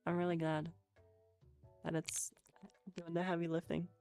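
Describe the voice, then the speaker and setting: A woman's voice: lowish voice, monotone, a little slow, darkish tone, clear, resonant tone. A woman streaming a casual Japanese lesson on a headset, answering chat with giggles and swearing. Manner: giggly, swears, chatty and loose. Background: faint music playing.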